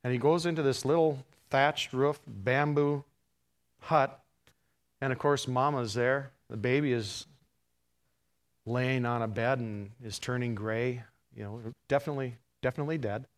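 A man preaching a storytelling sermon, moving from hushed retelling to fervent, raised passages. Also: medium pitch, fairly even intonation, a little slow.

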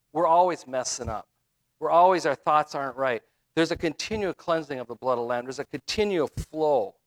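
A middle-aged man giving a conversational sermon as a minister, with frequent fillers and restarts. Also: on the high side.

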